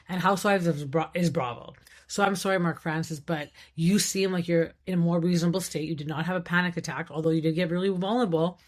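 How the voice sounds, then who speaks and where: A woman with a thick, raspy voice, hosting a podcast and giving animated, casual commentary on a reality TV show. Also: fairly low pitch. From Iran. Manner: animated, enunciating, quick asides and acted-out quotes. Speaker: podcast host.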